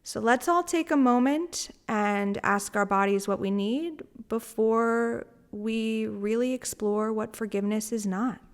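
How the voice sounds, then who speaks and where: A woman's voice: mid-range voice, creaky. A woman hosting a solo spiritual podcast, talking in a candid, rambling way with frequent laughs and casual swearing. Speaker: podcast host.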